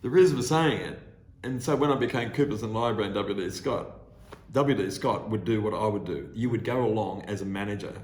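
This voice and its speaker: A man's voice: lowish voice, fairly quick, a little mellow. Australian man in his sixties, roomy sound. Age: 60s. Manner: rambling, many restarts, acts out quoted people. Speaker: guest consultant. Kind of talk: anecdotal storytelling.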